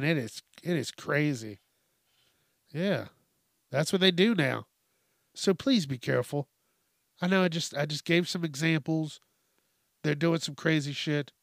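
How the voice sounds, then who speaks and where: A man's voice: on the high side, measured pace, creaky, pauses often, a bit bright, no echo, clean studio sound. A man hosting a podcast, ranting casually and comically, swearing a lot and laughing between lines. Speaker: podcast host. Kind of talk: casual comedic rant.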